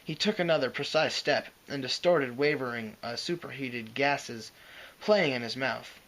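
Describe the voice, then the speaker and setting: A man reading fan fiction aloud, expressive and dramatic, with occasional slips and restarts. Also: medium pitch, a little slow, low-quality recording. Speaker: reader.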